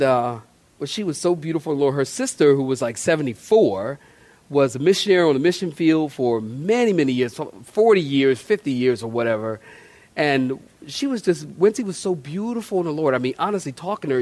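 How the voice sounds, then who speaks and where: A man's voice: a little high, darkish tone. A man, a pastor preaching a sermon in a church, folksy and conversational with playful asides. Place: church sanctuary.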